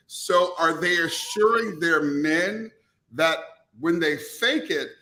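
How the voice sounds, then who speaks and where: A man with a bright, fairly high voice co-hosts a loose talk show. He is playful and campy, leaning hard on his punchlines. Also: slow pace. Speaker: podcast co-host. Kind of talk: casual chat.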